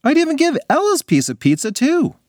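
A man voicing a glum, sarcastic schoolgirl with a flat, mocking delivery. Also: very high voice, brisk, dry recording, clean studio sound, pitched above the performer's own voice, heavily acted. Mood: pleading.

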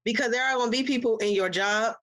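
A woman's voice: fairly high pitch, quick pace, a bit bright, dry recording. Frank woman podcast co-host. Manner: frank, storytelling. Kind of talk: casual podcast chat. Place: studio couch.

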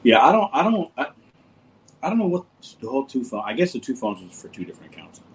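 A man's voice: medium pitch, sing-song, fast talker, a little hiss or hum, rough recording. A man hosting a casual livestream, reading viewer comments and joking with them in a laid-back way. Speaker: livestream host.

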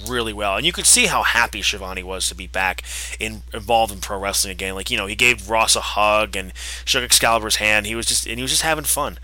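Podcast co-host, male, piercing bright tone, dry close mic, rambly and eager. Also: fairly low pitch, no echo, rough recording. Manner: enthusiastic, rambling, with fillers and quick recaps. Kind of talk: casual podcast chat.

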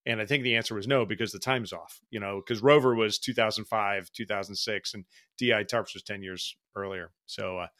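A man's voice: fairly low pitch, fairly even intonation, brisk, sharp tone, dry recording. A man hosts the conversation casually, circling back and explaining jargon for listeners. The recording is dry and close, with no room sound. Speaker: podcast host. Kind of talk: conversational interview.

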